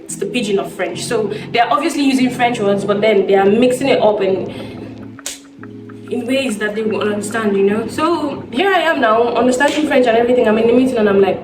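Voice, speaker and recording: A chatty young woman talks casually to her viewers, telling stories and acting out the people in them. She sounds set back from the microphone in a roomy space. Music plays clearly underneath her voice. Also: a little high, a little fast, far from the mic. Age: young adult. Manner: chatty storytelling, acts out conversations. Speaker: vlogger. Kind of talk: casual sit-down chat.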